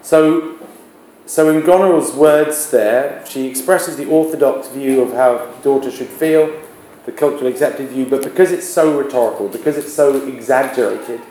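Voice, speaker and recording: Mellow-voiced male teacher in echoey classroom. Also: medium pitch, moderate pace. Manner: explains patiently, asks rhetorical questions. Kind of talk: classroom literature lesson. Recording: echoey classroom with background noise.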